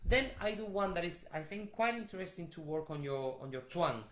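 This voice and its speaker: A man teaching a vocal warm-up, explaining technique with restarts and short sung demonstrations. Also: high voice, animated, a little fast, reverberant. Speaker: vocal coach.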